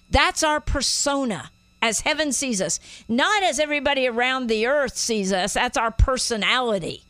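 A woman hosting a Christian talk show, teaching scripture with an emphatic, drawn-out preaching cadence. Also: sits high, pushed and bright, clean tone, dry recording. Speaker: host.

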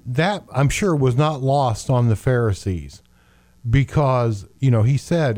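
A man with a mellow, dark voice explaining scripture in a lively storytelling way, acting out the quotes as he goes. His voice sounds close and dry. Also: medium pitch, slow pace, no room sound. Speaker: co-host. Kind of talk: Bible teaching conversation.

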